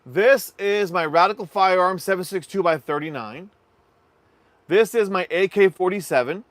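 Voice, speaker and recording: This livestream host is a man with a high-pitched voice who speaks at a moderate pace. Laid-back and talkative, he reads viewer comments and calls everyone "y'all," all captured in a dry recording.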